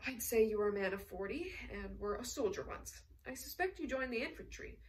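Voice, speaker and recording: A woman's voice: fairly high pitch, animated, brisk, recorded from a distance, lightly acted, rough recording. A woman reading aloud as a refined aristocratic count, poised, dry and courteous. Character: refined aristocratic male count, composed and witty.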